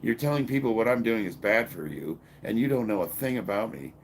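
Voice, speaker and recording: A man's voice: on the low side, animated, a little fast, a little hiss or hum. A fifty-year-old man from Illinois, reading his live-stream chat in a blunt, combative, profane way, with bursts of laughter. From Illinois, USA. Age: 50s. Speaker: powerlifter answering live chat.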